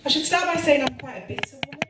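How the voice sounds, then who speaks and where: A woman in her forties performing a stand-up comedy set, self-deprecating and bawdy with deadpan asides. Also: high voice, very fast, distant mic, noisy background. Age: 40s. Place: comedy club stage with audience. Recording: roomy live club sound with crowd laughter.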